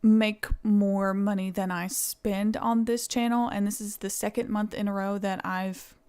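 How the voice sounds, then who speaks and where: A woman's voice: mid-range voice, flat delivery, a little slow, mellow, clean tone. Chatty Tennessee woman streamer. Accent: Southern US (Tennessee). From East Tennessee, USA. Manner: chatty, thanks viewers, laughs often. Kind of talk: casual live-stream chat.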